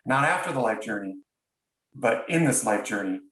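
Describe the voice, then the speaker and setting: A man's voice: fairly low pitch, animated, moderate pace, a bit bright. A man, a podcast guest, tells a personal story in an earnest, reflective way, often stopping and restarting his sentences. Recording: roomy sound, distant from mic.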